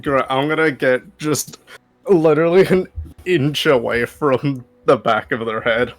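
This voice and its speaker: A man's voice: mid-range voice, unhurried. A man playing a tabletop game on a voice call, blunt and swearing casually. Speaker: player.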